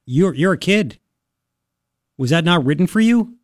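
A man's voice: on the high side, lively intonation, normal speed, dry recording, clean studio sound. A man hosting opinionated talk radio commentary, sarcastic and incredulous, repeating his points for emphasis. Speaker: talk show host.

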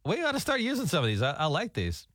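A man's voice: a little high, huge pitch swings, quick pace, a bit bright, no echo. A man hosting a morning radio show, chatting casually and quizzing his co-host, heard on a studio mic. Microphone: studio microphone.

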